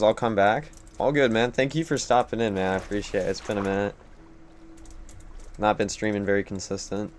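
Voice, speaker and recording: A little hiss or hum sits under the voice of a young man live-streaming a game at his computer. His voice runs on the low side as he rambles through casual commentary, joking in a self-deprecating way.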